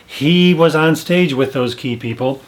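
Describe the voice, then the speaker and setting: A man's voice: on the high side, a little slow. A man hosting a casual religious talk, speaking earnestly and emphatically while searching for words. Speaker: host.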